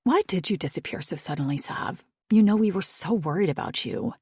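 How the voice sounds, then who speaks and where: Casting: a blunt, exasperated woman doctor read by a woman narrator, low and husky, dry close audiobook sound. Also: lively intonation, fairly quick, a little mellow, no echo. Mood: urgent. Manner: frustrated, blunt.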